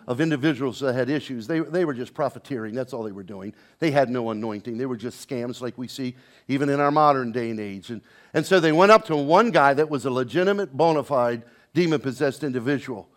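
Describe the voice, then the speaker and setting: A man preaching a sermon, swinging between loud proclamation and hushed, intense passages, with conversational asides and repeated words. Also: mid-range voice. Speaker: pastor.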